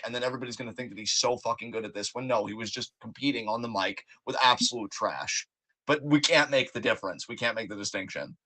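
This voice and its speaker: A man co-hosting a casual wrestling review podcast, ranting with profane, animated mock outrage. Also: mid-range voice. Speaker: podcast co-host.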